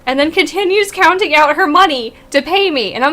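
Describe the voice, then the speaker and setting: Animated young woman telling stories. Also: sits high, fairly quick, few pauses. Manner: animated storytelling, laughing often. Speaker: streamer. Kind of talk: casual chat.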